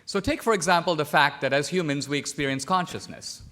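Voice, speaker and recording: A man from India arguing a point in a formal debate, measured and pointed, pressing his opponent with questions. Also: on the high side, pushed and bright. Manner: measured, pointed, cross-examining. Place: debate stage in a large hall.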